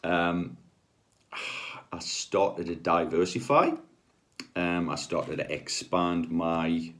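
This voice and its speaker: Man, middle-aged, very low voice, rambling, chatty healer anecdotes. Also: slow, a bit bright. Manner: chatty, rambling, with many ums and asides. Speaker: spiritual healer. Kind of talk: casual anecdotal storytelling.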